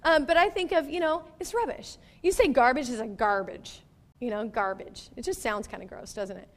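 A middle-aged woman pastor preaching in a chatty, animated way, laughing and tossing in playful asides. Her voice sits high and light. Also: fairly quick, big-room sound. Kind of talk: sermon.

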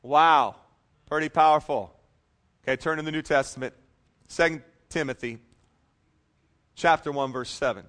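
High-voiced pastor preaching a sermon. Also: male voice, moderate pace, long pauses, a bit bright. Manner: casual asides between readings, emphatic when reading. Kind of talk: sermon with scripture reading.

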